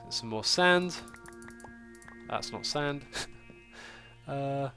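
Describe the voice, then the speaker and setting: Man gaming livestream host, stuffy congested nose, mid pitch, chatty, thinks aloud, faint music behind. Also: animated, slow pace, creaky, long pauses, pushed and bright, clean tone. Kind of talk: casual gaming livestream chat.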